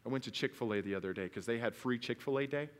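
A man's voice: mid-range voice, quick pace, big-room sound. A man preaching a sermon at a church service, telling stories and asking rhetorical questions, earnest and building to emphatic peaks. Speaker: pastor.

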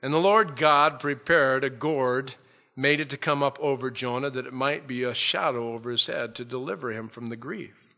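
Bright-voiced preacher in a reverberant hall. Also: male voice, medium pitch, moderate pace. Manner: animated storytelling, acting out biblical scenes. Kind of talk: sermon.

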